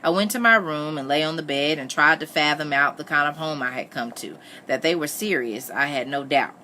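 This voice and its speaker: A woman reading a novel aloud in steady first-person narration. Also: deep voice, brisk, a little hiss or hum. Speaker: reader.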